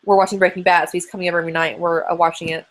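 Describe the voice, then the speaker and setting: Rapid-fire and level, her fairly low voice carries a chatty, rambling live hangout where this woman in her thirties fields viewer questions with plenty of fillers.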